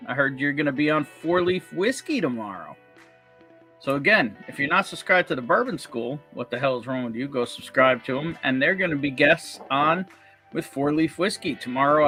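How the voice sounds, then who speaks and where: A man hosting a casual whiskey livestream, greeting viewers with jokey, upbeat shout-outs. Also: mid-range voice. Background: faint background music.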